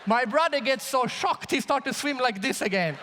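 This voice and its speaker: A man's voice: extremely high pitch, moderate pace, background noise. A man giving a conference keynote, telling a story with jokes and speaking straight to the audience. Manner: animated, jokey, addresses audience directly. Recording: large hall reverb.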